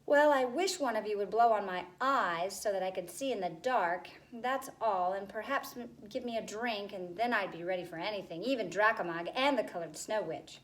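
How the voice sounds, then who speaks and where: A woman's voice: mid-range voice, moderate pace, few pauses, lightly acted. Woman as a determined young girl. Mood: earnest. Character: brave young girl Dakin climbing.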